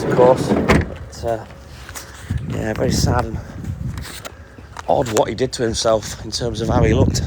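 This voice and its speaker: A man's voice: mid-range voice, heavy background noise. A man on his milk round chatting casually with live-stream viewers, greeting them by name. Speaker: livestreaming milkman. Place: delivery vehicle on a milk round. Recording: music playing behind.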